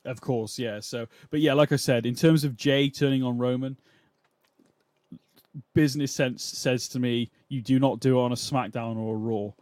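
Brief: male podcast host, relaxed and questioning, mid-range voice, dry close mic. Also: medium pitch, moderate pace, no room sound. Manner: musing, questioning, laughs often. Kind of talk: casual chat.

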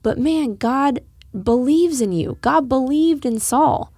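A woman's voice: high-pitched, slow, warm tone, breathy edge, no echo, studio quality. A woman co-hosting a casual Bible study chat, earnest and encouraging, laughing often. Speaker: podcast co-host discussing scripture.

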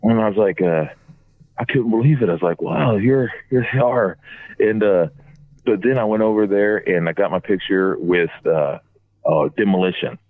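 A deep-voiced man tells a long, loosely strung story, piling one scene onto the next. He livens up when he imitates other people. The sound is thin and tinny, as if over a phone line, and bone dry. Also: moderate pace, no echo. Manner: rambling, animated when quoting others. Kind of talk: casual storytelling.

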